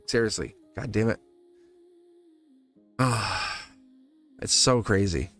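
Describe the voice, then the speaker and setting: A man's voice: lowish voice, slow, pauses often, husky, soft background music. A man hosting a live tarot reading in casual spiritual talk, rambling and repeating phrases, chuckling often. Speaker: tarot reader livestream host.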